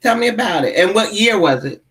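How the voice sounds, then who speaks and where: A man's voice: high voice, lively intonation, a little fast, fairly bright tone, breathy edge. A man hosting a casual group chat, putting open questions to the room and inviting people to share.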